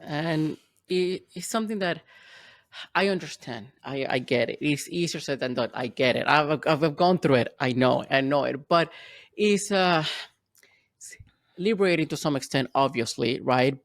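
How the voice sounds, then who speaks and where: A man hosting a podcast interview, speaking haltingly and repeating words as he gathers his thoughts. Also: a little high, dry recording, clean studio sound. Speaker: podcast host. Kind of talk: conversational interview.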